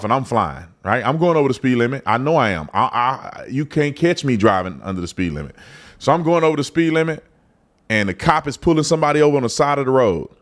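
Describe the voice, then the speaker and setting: Man, former cop, lively storytelling, slang-heavy, acts out voices with big pitch jumps. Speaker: commentator and former police officer. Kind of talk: animated personal storytelling.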